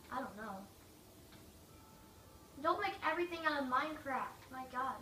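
A woman giving casual, rambling gameplay commentary, joking and mocking herself, her throat a little rough from coughing. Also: sits high, sharp tone, far from the mic. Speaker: gaming video maker. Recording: echoey room, away from mic, faint noise.

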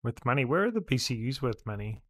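A man's voice: medium pitch, very animated, fast, no echo. Man streaming, dry close mic. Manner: joking, laid-back banter. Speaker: gaming streamer. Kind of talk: live gameplay commentary.

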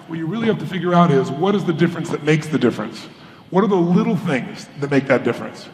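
A man's voice: a little high, animated, quick pace, a little hiss or hum. Man telling stories on a stage, echoey hall. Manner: storytelling, acts out quoted voices. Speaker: motivational speaker. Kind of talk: live stage keynote talk. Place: large conference hall. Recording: echoey hall with faint ambience.

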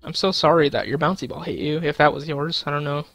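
A man's voice: a little high, fast, creaky, a bit bright, dry recording, faint music behind. A young man in casual live-stream commentary, goofy and crude, talking to himself and his chat with sudden silly outbursts. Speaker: gaming streamer.

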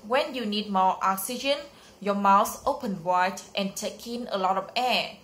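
A woman reading aloud the lines of a patient schoolteacher in a children's story, explaining things slowly and carefully, with the odd slip. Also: mid-range voice, a bit bright, close to an everyday voice. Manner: slow, careful read-aloud delivery with small slips. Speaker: teacher.

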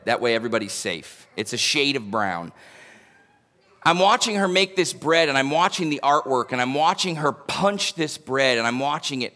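A man preaches, mid-pitched and conversational. He tells homely stories and jokes with his congregation, folksy and sincere. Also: bright, forceful tone. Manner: folksy storytelling with humor. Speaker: pastor. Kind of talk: sermon. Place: church sanctuary.

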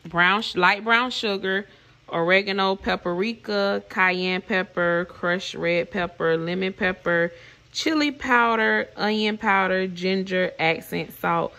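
A woman's voice: medium pitch, takes it slowly, bright, forceful tone. A woman hosting her own cooking vlog, chatting casually and talking through each step as she cooks in a home kitchen. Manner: chatty, walks through steps aloud.

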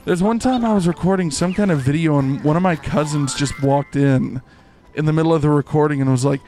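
A young man giving goofy, excitable live commentary while playing a game, rambling with many fillers. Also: a little high, moderate pace. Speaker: streamer. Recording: faint game music behind.

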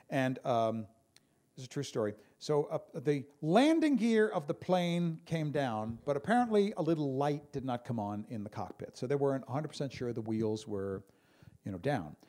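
A man performing a stand-up comedy routine on stage, telling stories with lively impressions of other people. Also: mid-range voice. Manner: animated storyteller, mimics calm pilots and a Brooklyn guy. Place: stage before a live audience.

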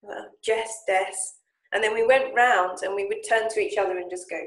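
Woman telling a lively story. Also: mid-range voice, fast talker. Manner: lively, animated retelling with acted-out quotes. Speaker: Japanese speaking coach and founder. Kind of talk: casual storytelling talk. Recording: echoey room.

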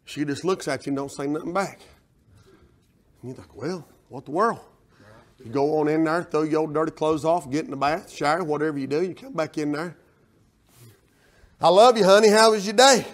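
A man preaching a sermon as pastor, telling folksy stories in a loud, animated way. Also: a little high, a little fast.

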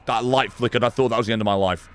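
A man's voice: mid-range voice, fairly even intonation, very fast, a bit bright. A man streaming a horror game, chatting casually with his viewers, reading their messages and swearing freely as he plays. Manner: swears freely, banters with chat. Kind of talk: casual gameplay commentary.

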